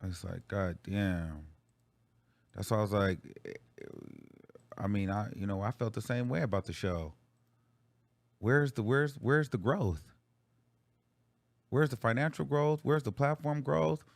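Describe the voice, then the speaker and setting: A man's voice: lowish voice, a little slow, gravelly, pauses often, dry recording. Blunt, profane man hosting a livestream. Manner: blunt, profane, talks straight to viewers. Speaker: livestream show host. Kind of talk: casual livestream talk.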